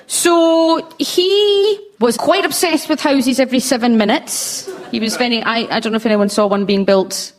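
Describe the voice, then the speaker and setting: A woman's voice: a little high, normal speed. A British woman hosting a radio comedy panel, wry as she steers the talk. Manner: wry, moves discussion along. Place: radio studio before a live audience.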